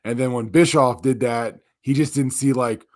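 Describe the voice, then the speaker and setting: A man co-hosting a live podcast in relaxed, crude banter. He jokes around and swears freely. His pitch sits in a middle range for a man. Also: normal speed. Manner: joking, crude, laughs a lot. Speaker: podcast co-host. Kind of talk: casual chat.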